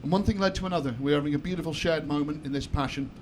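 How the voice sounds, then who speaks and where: A man's voice: fairly high pitch, very fast, a little mellow. A young man with a Southwest English accent from Somerset, telling a chatty, self-mocking stand-up story on a club stage. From Somerset, England. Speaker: stand-up comedian. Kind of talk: stand-up comedy set. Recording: noisy live comedy club.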